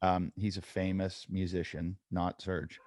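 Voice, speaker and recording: A man with a fairly low voice chats on a podcast, spinning animated anecdotes and acting out what people said. The sound is dry and close to the mic. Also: unhurried, no echo. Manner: animated storyteller, acts out quotes. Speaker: podcast co-host. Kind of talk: casual chat.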